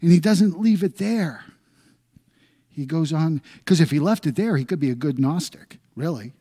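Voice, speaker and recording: A middle-aged man preaching a sermon, swinging from loud emphatic lines down to hushed, almost whispered ones. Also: fairly high pitch, lively intonation, normal speed, slightly rough. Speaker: pastor.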